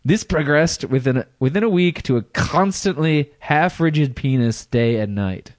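A man's voice: a little high, animated, normal speed, no echo. A man co-hosting a comedy podcast, reading out news stories in casual chat and laughing often between crude jokes. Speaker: podcast co-host.

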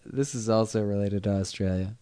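A man co-hosting a comedy podcast, with dry, deadpan remarks. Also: on the low side, brisk, smooth. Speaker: podcast co-host. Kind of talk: casual comedy chat.

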